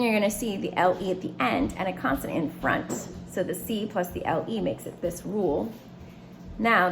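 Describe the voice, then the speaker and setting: A woman's voice: lowish voice, creaky, noisy background. A woman teaching a phonics lesson, writing words and explaining each one step by step in a patient way.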